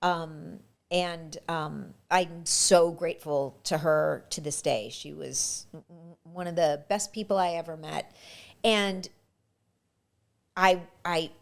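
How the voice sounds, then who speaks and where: A middle-aged actress telling stories in a casual interview, animated, restarting her sentences and acting out what people said. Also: low voice, slow pace, gravelly. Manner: animated, acts out quoted dialogue, frequent restarts. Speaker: guest actress.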